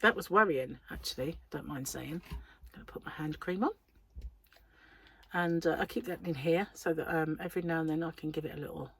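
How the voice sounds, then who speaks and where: A woman's voice: deep voice, animated, a little fast, slightly rough, no room sound. An English woman chatting casually on her crochet vlog, rambling along with lots of ums, her throat still a little sore. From England. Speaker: crochet vlogger. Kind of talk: casual chat.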